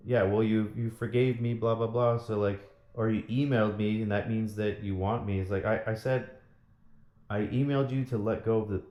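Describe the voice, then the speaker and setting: Low-voiced guy venting, bitter and sweary, roomy echo around him. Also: a little mellow. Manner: bitter, profane, repeats himself. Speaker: vlogger. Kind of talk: angry personal rant. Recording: echoey room.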